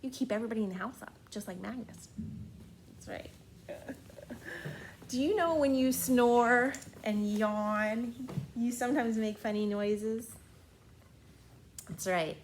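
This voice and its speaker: A woman librarian reading a bedtime story aloud to children, playful and gentle, often sinking into soft hushed tones. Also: medium pitch, a little hiss or hum.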